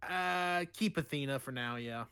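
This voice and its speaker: A man on a casual podcast panel, giving quick verdicts with playful teasing. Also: mid-range voice, bright, forceful tone, clean tone, dry recording. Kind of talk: casual chat.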